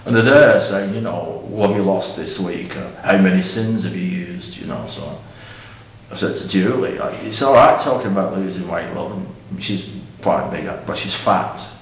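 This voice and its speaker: A middle-aged man with a deep, low voice rambles bluntly through a deadpan comic monologue at an unhurried pace. The mic is distant, so he sounds set back in a very echoey room, with faint ambient noise in the background.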